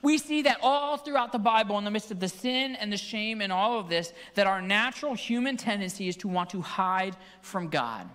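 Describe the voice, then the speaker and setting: A man preaching a sermon in church, telling stories with animated, acted-out quotes. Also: sits high, moderate pace, hardly any pauses, clear, resonant tone. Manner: animated storytelling, acts out quotes. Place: church sanctuary. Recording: long hall reverb.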